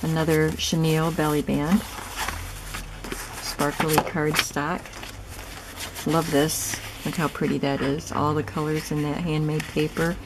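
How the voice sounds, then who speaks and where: Low-voiced woman chatting over crafts. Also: level tone, unhurried, background noise. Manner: soft, chatty, admiring, thinking aloud. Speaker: craft vlogger showing a gifted journal. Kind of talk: casual show-and-tell narration.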